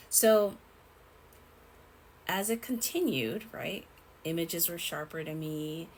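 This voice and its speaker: A young woman telling a personal story in a rambling, halting way, with many fillers and restarts. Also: lowish voice, poor audio. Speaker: vlogger.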